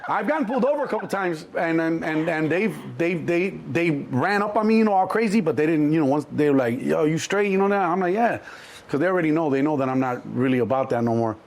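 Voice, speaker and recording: A Chicago man in his sixties, guesting on a casual interview, talks fast in a high-ish voice with few pauses. He's an animated storyteller recalling his past, acting out other people's voices and restarting often.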